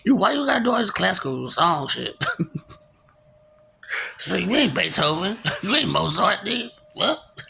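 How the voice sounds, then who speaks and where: Gravelly man, teasing and laughing. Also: sits high, sing-song, measured pace, pauses often, sharp tone, slight background noise. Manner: laughs between lines, teasing rhetorical questions; slangy, repeats phrases. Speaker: vlogger. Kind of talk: rambling comic monologue.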